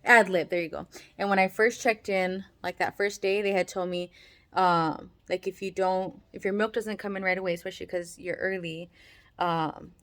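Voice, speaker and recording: A woman's voice: on the low side, fairly even intonation, moderate pace, fairly bright tone. A woman, a mother, casually telling a personal story to the camera. She talks in a chatty way, full of "like" fillers, and often acts out the voices of the people she quotes.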